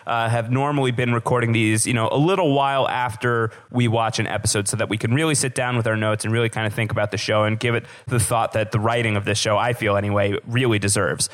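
A man's voice: lowish voice, steady tone, fast, hardly any pauses. A man co-hosting a podcast, talking casually in a rambling way with many fillers and restarts. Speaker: podcast co-host.

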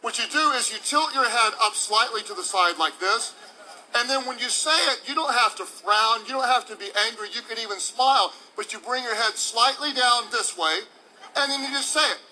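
A man preaches a sermon in a voice pitched unusually high for a man. His tone is bright and forceful. He delivers it emphatically, with playful demonstrations for the congregation. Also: moderate pace, a little hiss or hum, low-quality recording. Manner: emphatic, playful preacher who acts out examples. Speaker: pastor.

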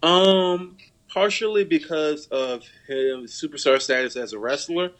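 A man's voice: on the high side, fairly bright tone. Dry young man chiming in with jokes. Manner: dry, agreeable, chimes in with quick jokes. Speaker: podcast co-host. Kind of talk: comedic podcast banter.

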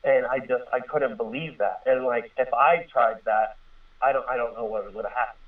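A man's voice: mid-range voice, steady tone, moderate pace. A man in his thirties rambles earnestly through a personal story, full of fillers and restarts. His voice comes through a thin, phone-like line and sounds set back from the microphone. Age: 30s. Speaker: guest telling a personal story. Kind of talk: casual spoken storytelling. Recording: tinny distant phone-line radio sound.

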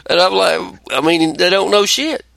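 Animated, profane man ranting on a podcast. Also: high voice, moderate pace, creaky, dry recording. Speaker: podcast host. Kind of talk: casual chat.

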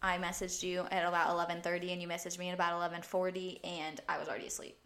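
Bright-voiced chatty woman. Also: on the low side, flat delivery, rapid-fire. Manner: chatty, laughing, lots of "like". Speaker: podcast co-host. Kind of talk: casual chat.

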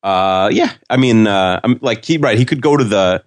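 Low-voiced man rambling in casual chat. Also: expressive, moderate pace, dry recording. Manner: rambling and hesitant, full of "like" and restarts. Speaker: podcast co-host. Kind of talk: casual episode recap chat.

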